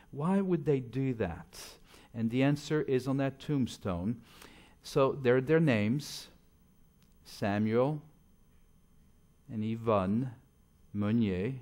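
Middle-aged male preacher, church sermon, storytelling delivery with big swings in volume. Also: medium pitch. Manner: storytelling, swings between loud emphasis and soft asides. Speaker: pastor.

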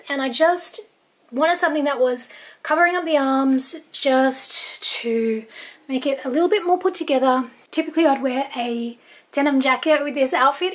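A young Australian woman with an Australian accent giving a chatty, enthusiastic tour of her home closet, with lots of "like" and "um". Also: high-pitched. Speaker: home and lifestyle vlogger. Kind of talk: casual wardrobe tour chat.

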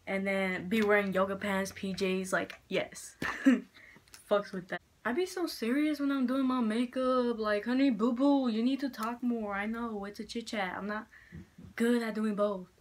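A young woman vlogging a casual makeup chit-chat at home, frank and foul-mouthed, a little hoarse from being sick. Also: medium pitch, a little hiss or hum. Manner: chatty, frank, swears a lot. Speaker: beauty vlogger. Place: room at home with poor lighting. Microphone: handheld mirror in one hand, camera fixed.

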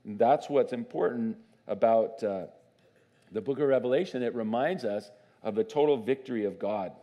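Guy pastor preaching in church, chatty and lively, keeps asking the crowd stuff. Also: mid-range voice, normal speed, highs cut off. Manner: conversational, animated, asks the congregation questions. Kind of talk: sermon. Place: church sanctuary.

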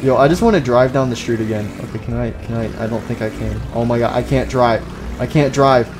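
A young man giving casual, excitable commentary on his own gameplay, with loud outbursts and goofy jokes. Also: medium pitch, a little fast, noisy background. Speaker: gaming YouTuber.

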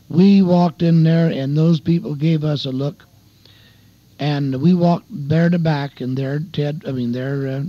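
An older man and evangelist preaching a folksy radio sermon, telling a testimony story and calling his listeners beloved and dear friends. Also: medium pitch. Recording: dull lo-fi radio broadcast.

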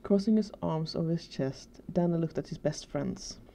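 A woman reading a fan story aloud in steady, even narration. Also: low voice, normal speed, gravelly. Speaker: fanfiction reader.

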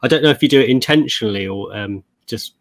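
A man's voice: medium pitch, fast talker, no echo. A man co-hosting an interview who searches for his words, hedging and restarting as he asks his question. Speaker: podcast co-host. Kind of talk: casual interview chat.

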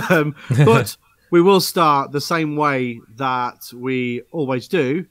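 A man's voice: medium pitch, slow pace, a bit bright, no room sound. A man hosting a podcast in casual chat, full of upbeat banter, laughs and stammered restarts. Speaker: podcast host.

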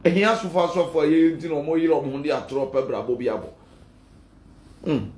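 Ghanaian male pastor, high voice, fiery and defiant, echoey room. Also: a little fast, darkish tone. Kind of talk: heated address to critics.

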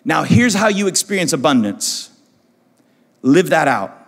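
A man's voice: on the high side, very animated, a little slow, long reverb tail. A male pastor preaching a passionate sermon, acting out the voices of people he quotes. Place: church auditorium.

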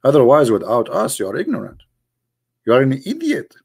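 A native Arabic speaker from the Arab world, this man has an Arabic accent and a mid-range voice that swoops wildly in pitch, a little fast, creaky and slightly rough. Playing an online critic, he delivers a sarcastic, mocking monologue straight to the audience, ridiculing his subject and firing rhetorical questions at viewers.

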